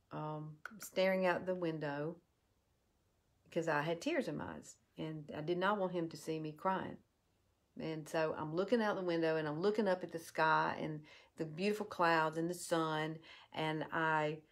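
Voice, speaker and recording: A woman tells a heartfelt personal story while doing a makeup tutorial, in an earnest, halting way. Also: sits low. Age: 50s. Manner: earnest and heartfelt, with halting restarts and soft drop-offs. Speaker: beauty vlogger.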